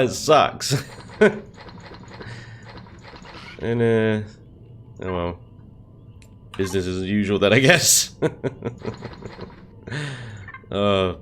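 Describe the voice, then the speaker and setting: A man's voice: on the low side, slight background noise. A young man hosting a let's play, giving gameplay commentary and reacting with exasperated swearing and laughter at his own mishaps.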